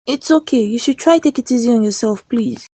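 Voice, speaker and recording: A woman with a Nigerian accent voicing a sharp-tongued young wife in a cartoon, quick to argue. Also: a little high, lightly acted. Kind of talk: cartoon voice acting.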